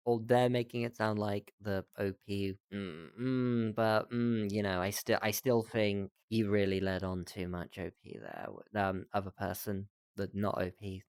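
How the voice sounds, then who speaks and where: Smooth-voiced man reading posts aloud. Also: lowish voice, measured pace, few pauses, no room sound, clean studio sound. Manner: sympathetic, wry asides, loose swearing. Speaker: streamer reading reddit posts. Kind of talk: casual commentary while reading posts aloud.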